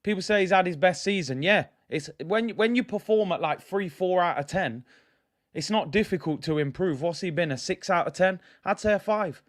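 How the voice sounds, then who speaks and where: A man's voice: sits high, moderate pace. A man hosting a football fan channel, ranting bluntly to his viewers and repeating points for emphasis. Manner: addresses viewers directly as "people". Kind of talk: ranting fan reaction vlog.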